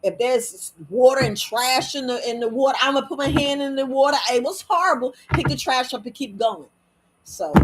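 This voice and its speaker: A woman hosting a casual motivational talk. She rambles in an animated way and acts out little quoted voices as she goes. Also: fairly high pitch, very noisy. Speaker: motivational podcast host.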